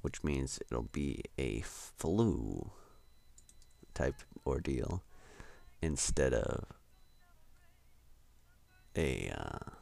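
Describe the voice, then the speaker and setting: A man's voice: extremely low pitch, very animated, very slow, gravelly, mellow, no room sound. A young man hosting a solo podcast, rambling and self-deprecating with lots of hesitations. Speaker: podcast host.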